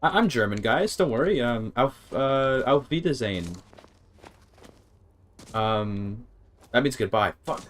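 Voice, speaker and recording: A man streaming gameplay in casual chatter, thinking aloud, sounding out words haltingly and swearing now and then. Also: mid-range voice, very animated, a bit bright.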